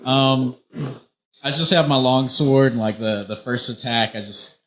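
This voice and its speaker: A man's voice: medium pitch, unhurried, a bit bright, a little hiss or hum. A man playing in a tabletop game, describing his attacks hesitantly with lots of fillers. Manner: hesitant, lots of "like" and "you know". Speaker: player. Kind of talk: casual game chat.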